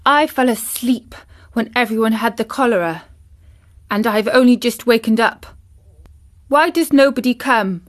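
A woman's voice: on the high side, lively intonation, a little slow, pauses often. A woman voicing a spoiled, stiff little girl who speaks imperiously in a storybook reading. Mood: indignant. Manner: imperious, indignant.

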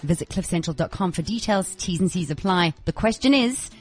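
A woman's voice: lowish voice, expressive, brisk, darkish tone, husky. A woman co-hosting a radio show, chatting playfully and laughing often. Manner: giggly, playful. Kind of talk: casual radio chat.

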